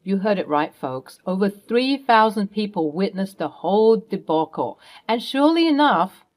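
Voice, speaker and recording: A young woman in steady, matter-of-fact scripted first-person narration. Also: medium pitch. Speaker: storyteller.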